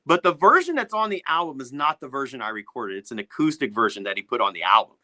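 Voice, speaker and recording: A middle-aged man, a music producer, telling studio stories as a guest with lively, swearing energy, acting out the people he quotes. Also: mid-range voice, quick pace, dry recording. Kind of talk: animated storytelling in a podcast interview.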